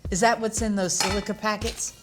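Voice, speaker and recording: A woman's voice: mid-range voice, level tone, brisk, music in the background. A woman co-hosting a cooking show, playful, laughing often and making goofy asides. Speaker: co-host. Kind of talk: casual cooking chat.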